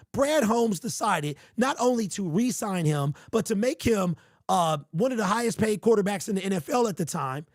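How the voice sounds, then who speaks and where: High-voiced guy ranting on his sports stream, worked up and repeating himself, dry close sound. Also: expressive, normal speed, dry recording. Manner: heated, exasperated, repetitive. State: strained voice. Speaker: sports podcast host. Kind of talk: livestream sports rant.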